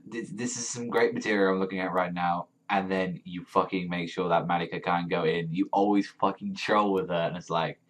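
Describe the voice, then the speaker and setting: A man reviewing a manga chapter in a rambling, excitable rant full of swearing and fillers. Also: sits low, a little fast, hardly any pauses.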